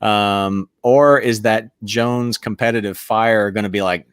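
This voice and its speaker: A low-pitched man talks casually as a podcast co-host, circling his thoughts with hesitant restarts. His voice sounds dry and close, with no room around it. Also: steady tone, measured pace, smooth, no room sound. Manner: hesitant, thinks aloud. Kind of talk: casual fantasy football chat.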